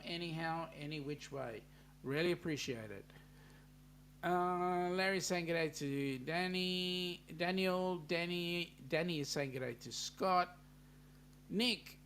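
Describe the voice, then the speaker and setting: A man's voice: fairly high pitch, a bit bright, a little hiss or hum. Chatty Australian man hosting a live chat. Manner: chatty, easygoing banter with viewers. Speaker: live-stream host. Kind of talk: casual live-stream chat, reading viewer comments.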